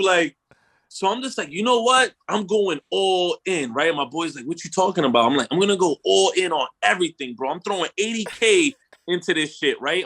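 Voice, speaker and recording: A young man hosting a podcast, telling a story in casual, slangy chat, acting out what he and his friends said. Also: high voice. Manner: animated storyteller, slangy, swears, acts out his own quotes. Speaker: podcast host.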